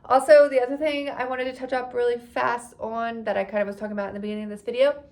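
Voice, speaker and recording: A woman in her thirties chatting casually to her phone camera in a vlog, expressive and talkative. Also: on the high side, fast. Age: 30s. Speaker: vlogger.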